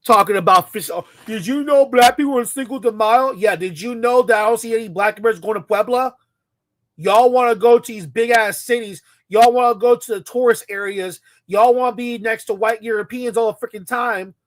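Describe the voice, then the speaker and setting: A man's voice: high-pitched, fairly even intonation, brisk, a bit bright, dry recording. A man giving a profane, scornful rant as a commentator reacting to a clip.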